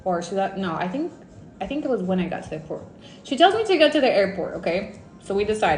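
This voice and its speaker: A woman from Mexico telling a personal story in a casual, animated livestream storytime, dropping in Spanish words. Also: mid-range voice, quick pace, roomy sound, soft background music. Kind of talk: casual storytime on a live stream.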